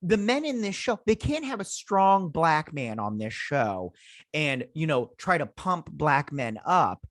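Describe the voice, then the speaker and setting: A man's voice: fairly high pitch, sing-song, a little slow, fairly bright tone, no room sound, studio quality. A man hosting a casual TV episode review, rambling and blunt, laughing often as he retells scenes. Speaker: host of a TV review channel.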